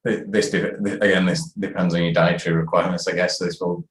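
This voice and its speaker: Host in casual chat: man, very low voice, quick laughs, echoey room. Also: little pitch movement. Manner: laughs easily, asks questions. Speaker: podcast host.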